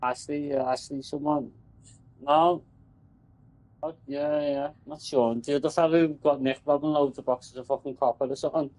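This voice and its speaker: A man's voice: fairly high pitch, fairly even intonation, normal speed, darkish tone, rough recording. A man, a telecom engineer, rambling and swearing in casual chat about his work.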